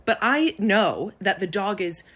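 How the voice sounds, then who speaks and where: A woman's voice: mid-range voice, expressive, a little slow, a bit bright, slightly rough. A young woman telling a story to camera, swearing freely, ranting with exasperation. She is pregnant and nauseous. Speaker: vlogger.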